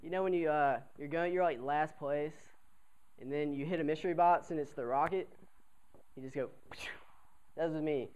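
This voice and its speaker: A young man, a college cadet, telling a comic story to an audience in a chatty, animated way, often asking the crowd to answer him. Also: fairly high pitch, brisk, clean tone, rough recording. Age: young adult.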